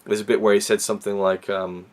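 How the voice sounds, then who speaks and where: A man's voice: lowish voice, flat delivery, fast. A man from Wales with a Welsh accent, reviewing a film in a casual, rambling way with many fillers and restarts.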